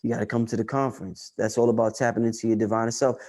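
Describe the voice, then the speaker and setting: A man hosting a casual livestream chat, talking loosely and profanely, repeating lines for emphasis and rising to excited highs. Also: fast. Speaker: livestream host answering chat.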